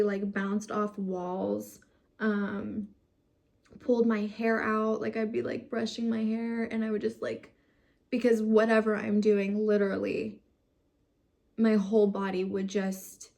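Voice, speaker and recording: A young American woman, a vlogger with a mid-range and slightly mellow voice, tells her own story to the camera. She's frustrated and near tears, and she starts swearing as her emotions climb.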